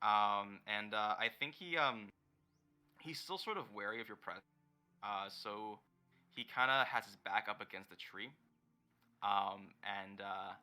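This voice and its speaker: A man running a tabletop game as dungeon master, narrating in a halting, rambling way as he searches for words. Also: lowish voice, pushed and bright, faint music behind.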